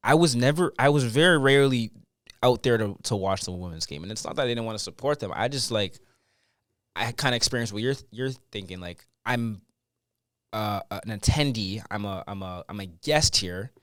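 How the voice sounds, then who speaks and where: A young adult man hosting a podcast, talking in a relaxed, reflective casual way. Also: lowish voice, moderate pace, no echo, studio quality. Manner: relaxed, reflective, frequent "right?" and "yeah". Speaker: podcast host. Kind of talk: casual conversation.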